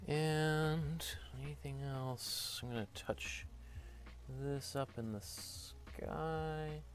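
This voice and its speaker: A man's voice: fairly high pitch, fairly even intonation, drawn-out words. A man with a Canadian accent teaching a painting class, thinking aloud while he works, with many fillers and restarts. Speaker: art teacher.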